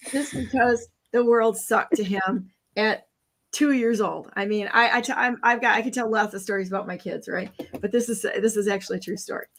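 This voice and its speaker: A middle-aged woman telling a family story in casual chat, animated and laughing, checking in with "okay?" and "right?". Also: on the high side. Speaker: co-host.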